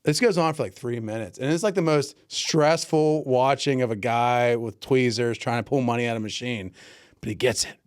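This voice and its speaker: Smooth and medium-pitched at a normal speed, this man co-hosts a podcast in Pennsylvania. He spins a laid-back story with plenty of animation, doing the voices of its characters.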